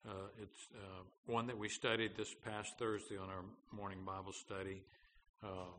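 A male pastor with a lowish, bright, forceful voice preaches earnestly, stumbling through fillers before pressing his points with emphasis. His voice rings with the long reverb of a large church, over a faint hum of background noise. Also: flat delivery, moderate pace. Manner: earnest, with frequent fillers and restarts, rising to emphatic declarations. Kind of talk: sermon.

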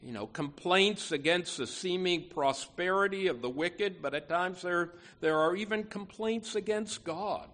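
A man's voice: high voice, unhurried, hardly any pauses, fairly bright tone. A man preaching a sermon to his church, earnest and emphatic, often restarting phrases as he goes. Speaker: pastor.

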